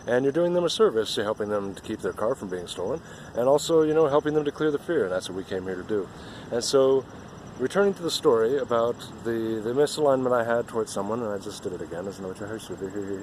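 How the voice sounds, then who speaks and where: Outdoors, a man with a fairly low, darkish voice gives an earnest, rambling spiritual monologue and often repeats himself. Slight background noise can be heard.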